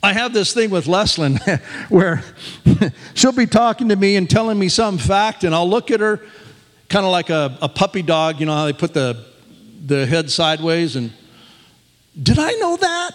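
A man's voice: sits high, normal speed, long reverb tail. An older man preaching a sermon as pastor, folksy and self-deprecating, often chuckling at himself.

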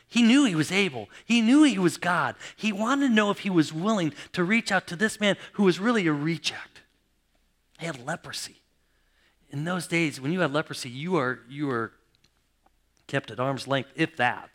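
A middle-aged man preaching from the pulpit with a bright, forceful voice that sits a little high for a man. He acts out the stories, bursting into loud exclamations and then dropping to hushed, nearly whispered lines. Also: expressive, moderate pace. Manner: dramatic storyteller, swings from loud exclamations to hushed near-whispers. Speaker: pastor. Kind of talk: sermon.

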